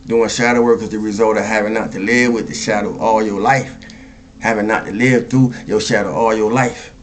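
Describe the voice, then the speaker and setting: Preacherly man with repetitive cadence. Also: on the low side. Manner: repetitive, preacherly, chuckles often, asks "you see?". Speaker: spiritual speaker. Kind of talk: spoken spiritual monologue.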